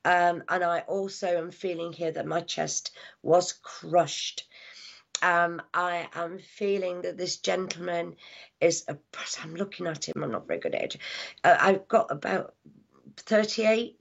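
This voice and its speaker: A woman working as a psychic medium, giving a live reading with halting speech, lots of fillers, hushed asides and affectionate words like darling. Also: on the low side, vocal fry. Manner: affectionate, calls people darling and my lovely. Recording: dull lo-fi sound.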